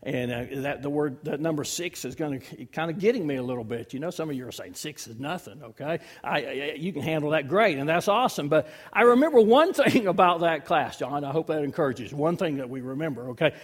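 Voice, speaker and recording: A man in his fifties preaching a sermon as pastor, swinging between loud emphasis and hushed, near-whispered lines. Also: fairly high pitch, a little fast, few pauses, breathy edge. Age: 50s.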